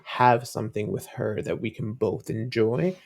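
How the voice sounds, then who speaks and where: Brief: a dad guesting on a fan chat show, rambling and warm-hearted, with gravelly vocal fry. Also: male voice, fairly low pitch, unhurried. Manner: rambling storytelling with many fillers and restarts. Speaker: podcast guest. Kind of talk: casual interview chat.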